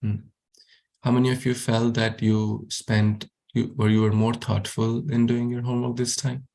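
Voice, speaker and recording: Low gravelly guy teaching kids online, keeps repeating questions, pretty flat. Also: normal speed. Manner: encouraging, asks questions, repeats himself. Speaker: youth class teacher. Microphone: video call.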